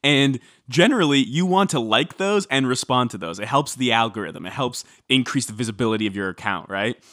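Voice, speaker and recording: A man co-hosting a podcast, giving measured, wry explanations in casual celebrity gossip chat. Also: medium pitch, animated, fairly bright tone, no room sound, studio quality. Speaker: podcast co-host.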